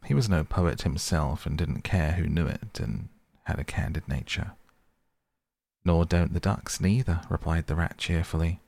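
A man reading a classic children's book aloud as a bedtime audiobook, in a slow, gentle storytelling manner. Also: rumbling low, creaky, husky, no room sound, studio quality. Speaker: podcast host and reader.

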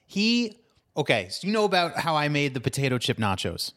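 A man's voice: fairly high pitch, big pitch swings, brisk, a bit bright. A young man co-hosting a podcast in casual chat, incredulous and profane as he talks. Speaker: podcast co-host.

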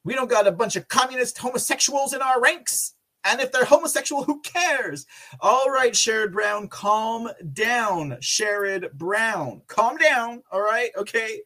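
A man's voice: extremely high pitch, expressive, measured pace, sharp tone, pitched above the performer's own voice, heavily acted. A man mocking an exasperated scolding politician. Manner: mocking, sneering impression.

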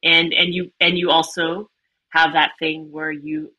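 Brief: low, bright-voiced woman therapist, lively, checks in with "right?". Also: unhurried, low-quality recording. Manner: animated, frequent "right?" tag questions. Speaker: psychotherapist guest. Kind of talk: casual conversational interview.

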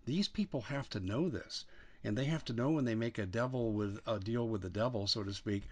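A low-pitched man hosting an interview. He speaks in a measured, deliberate way as he sets up his question for the guest. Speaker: host.

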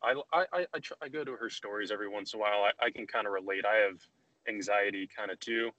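A young man hosts a podcast, chatting casually and loosely with many restarts and fillers. He talks fast in a lowish voice that sounds pushed and bright, and the recording quality is low.

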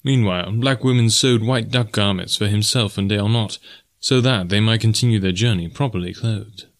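A man with a lowish voice tells the story of an audiobook from a script at an even, measured pace.

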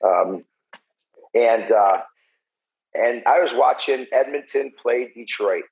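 A man's voice: mid-range voice, slow, creaky. A man and former pro hockey player, a podcast guest who talks in a blunt, profane, heated way. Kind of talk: casual podcast chat. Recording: muffled lo-fi audio.

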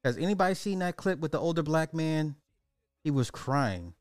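A man's voice: fairly high pitch, moderate pace, dry recording, studio quality, soft background music. Loose-talking man ranting casually. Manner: loose, animated, swears, repeats himself.

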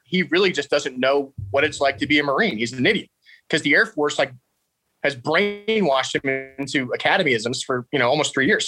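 A young man, telling a story with laughs and shouted quotes of his drill instructors. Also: a little high, dry recording, low-quality recording. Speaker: interview guest. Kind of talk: casual storytelling.

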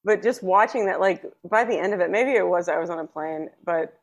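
Animated woman podcast co-host. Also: fairly low pitch, brisk. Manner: animated, laughing storyteller. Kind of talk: casual chat.

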